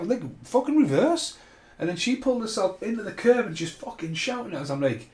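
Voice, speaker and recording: A man's voice: sits high, sing-song, normal speed, darkish tone. Sweary rambling man, roomy echo. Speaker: film commentary podcast host. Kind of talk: casual film commentary.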